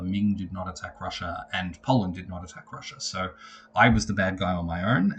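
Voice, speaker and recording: A man's voice: deep voice, fairly bright tone, a little hiss or hum. A man on a headset microphone giving a casual spoken recap of his strategy game, swearing freely and retelling his conversations with growing emphasis.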